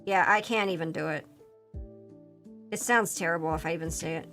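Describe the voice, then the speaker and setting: Woman, Philadelphia accent, casual streamer chat, rambling and quick to laugh. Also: on the low side, a bit bright, faint music behind. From Pennsylvania, US. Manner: chatty, rambling, laughs often.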